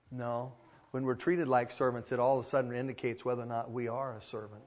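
A man's voice: medium pitch, level tone, fairly quick, a little mellow. Emphatic preaching man, lo-fi. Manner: emphatic preaching with repeated phrases. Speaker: pastor. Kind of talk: sermon.

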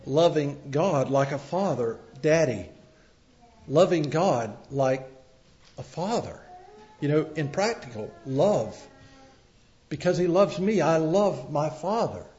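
Male preacher, middle-aged, slow and deliberate delivery, loud emphatic peaks and quiet lows. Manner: swings from loud emphatic cries to soft quiet words. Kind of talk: sermon. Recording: dull lo-fi sermon recording.

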